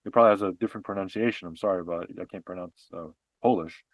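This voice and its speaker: A man co-hosting a podcast, explaining history and politics in an animated, casual way with frequent restarts and fillers. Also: deep voice, very fast, no room sound. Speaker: podcast co-host.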